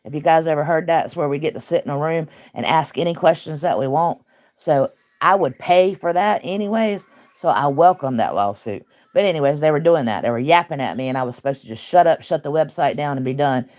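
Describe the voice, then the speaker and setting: A woman's voice: low voice, a little fast, darkish tone. Blunt woman commentator. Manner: emphatic, blunt, talkative, with laughs. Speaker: online commentary host. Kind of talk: casual commentary talk.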